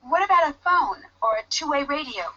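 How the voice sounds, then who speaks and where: A woman's voice: high voice, expressive, fairly quick, bright, forceful tone. A woman voicing a persistent young female detective in a video game, eager and insistent, in dull lo-fi audio. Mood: determined.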